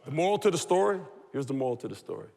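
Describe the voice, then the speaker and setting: A man, a football coach, telling a lively story on a talk show and laughing as he goes. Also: medium pitch, racing, gravelly. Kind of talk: animated anecdote on a TV talk show. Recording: long hall reverb.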